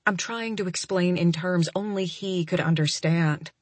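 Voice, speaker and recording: A young adult woman narrating a first-person romance audiobook, soft and emotional, often close to a whisper. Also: lowish voice, a little slow, no room sound.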